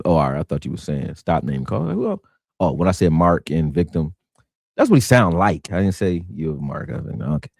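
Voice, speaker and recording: Casting: man from Philadelphia, deep low voice, slangy animated sports-stream host, dry close sound. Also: a little fast, creaky, no room sound. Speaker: sports talk show host. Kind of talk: casual sports talk stream.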